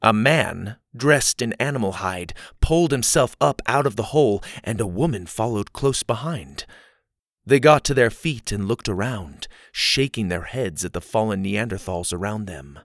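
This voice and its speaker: A man reading a scripted story aloud as narrator, with a steady storytelling delivery. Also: on the low side, dry recording.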